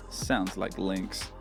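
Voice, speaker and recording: A man's voice: low-pitched, vocal fry. A British man analyzing an esports match, with dry teasing humor. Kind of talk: broadcast analysis and banter.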